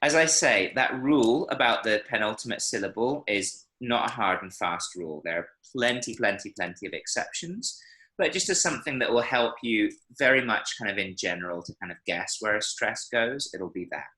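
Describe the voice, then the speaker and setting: Lively, bright-voiced male language teacher. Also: fairly low pitch, moderate pace, rough recording. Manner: patient, explains and checks understanding. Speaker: Spanish teacher. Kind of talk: online language lesson. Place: online class, speaking from Medellín. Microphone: video call.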